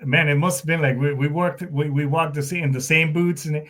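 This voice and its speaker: Laid-back veteran host. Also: male voice, on the high side, steady tone, fairly quick, a bit bright. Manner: loose and friendly, with casual slang. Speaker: podcast host, Marine veteran. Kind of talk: casual interview talk.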